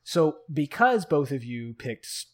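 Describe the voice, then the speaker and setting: A man co-hosting a casual podcast chat, excitable and swearing freely. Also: on the high side, unhurried. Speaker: podcast co-host.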